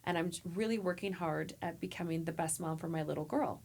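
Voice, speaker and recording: A woman therapist telling heartfelt stories in a podcast interview, animated and acting out the people she quotes. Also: lowish voice, fairly quick. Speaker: therapist guest. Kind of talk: emotional conversational storytelling.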